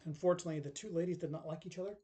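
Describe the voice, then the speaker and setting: A man's voice: fairly high pitch, rapid-fire, background noise. A middle-aged man telling a personal story in casual, rambling speech, full of tag questions and acted-out quotes.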